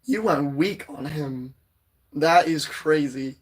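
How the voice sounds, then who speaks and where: A man hosting a casual livestream, greeting viewers and rambling excitedly about shows and quotes, with a voice still a little hoarse. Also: fairly high pitch, slow pace, a little hiss or hum. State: voice slightly hoarse, recovering. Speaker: livestream host reading chat.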